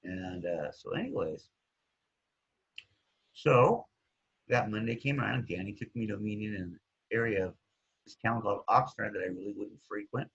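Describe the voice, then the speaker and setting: A man with a husky voice casually telling his recovery story, rambling and looping back with "anyways", on a dull lo-fi recording. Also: fairly low pitch, normal speed, long pauses, a bit bright. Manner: rambling, keeps saying anyways.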